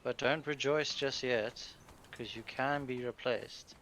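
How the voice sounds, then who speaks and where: A man with a bright, clear tone and a mid-range pitch talks through his moves during a live game session. He hunts for words, leaning on "like" and "um" as he explains. A faint hiss runs behind him. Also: steady tone. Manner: halting, filler-heavy explaining. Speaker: co-player. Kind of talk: casual gaming stream chat.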